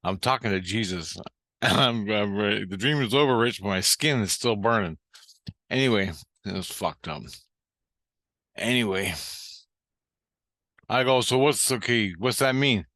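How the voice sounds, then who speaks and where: Bright-voiced man telling a rambling story. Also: fairly low pitch, unhurried, long pauses, no echo, studio quality. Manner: rambling and heavily profane. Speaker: vlogger recounting dreams. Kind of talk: casual storytelling monologue.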